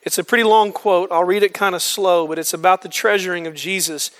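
A man's voice: high-pitched, fairly even intonation, a little fast, few pauses, a bit bright. A man leading a men's Bible study, explaining scripture earnestly and using homespun examples.

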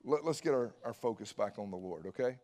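Animated preaching man, hall reverb. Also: mid-range voice, a little fast, faint music behind. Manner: energetic, conversational preaching with folksy asides. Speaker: pastor. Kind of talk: sermon.

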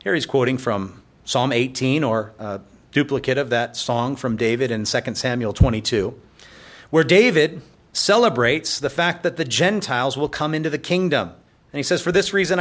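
Guy pastor teaching the bible, relaxed chatty sermon, jokes here and there, mid pitch. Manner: conversational Bible teaching with playful asides. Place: church.

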